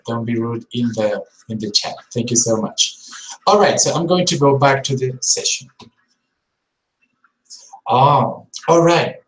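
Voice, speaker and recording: An English teacher on a live-streamed lesson, modelling word pairs slowly and repeating them for contrast, and talking to viewers in the chat. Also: mid-range voice, roomy sound, rough recording.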